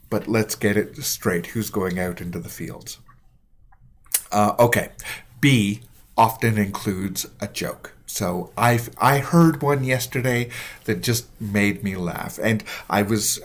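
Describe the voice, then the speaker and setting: A man telling a bedtime story, gentle and tender, with heartfelt good wishes to listeners. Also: on the low side.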